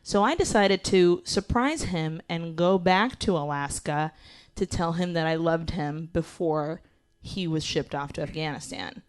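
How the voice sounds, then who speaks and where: A woman telling a comedic personal story as a guest at a live show, animated and profane, laughing as she goes. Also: deep voice, a little slow, clear, resonant tone.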